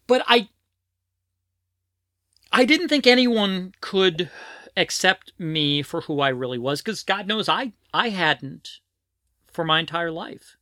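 A woman's voice: on the low side, pushed and bright, no echo, clean studio sound. A middle-aged transgender woman co-hosting a podcast, chatting in a rambling way, often restarting her sentences and prone to the giggles. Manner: rambling, giggly, self-interrupting. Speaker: podcast co-host. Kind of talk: casual podcast chat.

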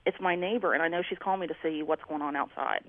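A woman's voice: low voice, fast talker, dry recording. Woman telling a story over a tinny phone line. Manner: animated, acts out neighbors' lines. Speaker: caller. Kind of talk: casual storytelling on a call.

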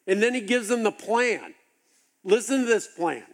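A man preaching a sermon, telling the story with animated, acted-out asides. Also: high-pitched, moderate pace. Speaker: pastor.

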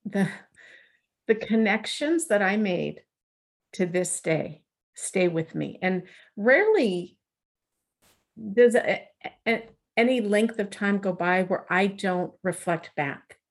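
A middle-aged woman telling a personal story in a conversational interview, lively and acting out the dialogue she quotes. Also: medium pitch, takes it slowly. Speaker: guest.

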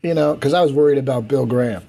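A middle-aged or older man, a guest in an interview, telling lively anecdotes and acting out the voices he quotes. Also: medium pitch, quick pace, gravelly. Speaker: interview guest, event producer. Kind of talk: storytelling in casual interview.

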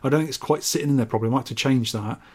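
A man co-hosts a laid-back retro gaming podcast, reading listener messages aloud in a joking, meandering, self-deprecating style. His voice is medium in pitch, darkish and slightly rough, and he talks in a rapid-fire rush.

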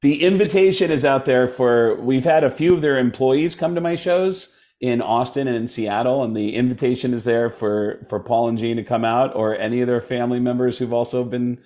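A man's voice: medium pitch, fairly quick, few pauses, warm tone. A man, a comedian guest on a podcast, chatting casually and rambling with many fillers and restarts.

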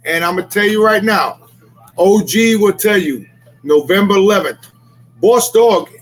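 A man co-hosting a casual podcast chat, telling stories loudly and profanely and acting out what other people said. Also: sits high, moderate pace, rough recording. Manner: boisterous, profane storyteller acting out dialogue. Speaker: podcast co-host.

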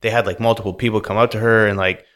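A man co-hosting a podcast, retelling a story in a casual, animated way full of "like"s. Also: on the low side, very fast. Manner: animated, filler-heavy retelling with many "like"s. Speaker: podcast co-host.

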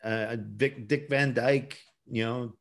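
Man, middle pitch, podcast co-host, relaxed casual chat. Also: takes it slowly.

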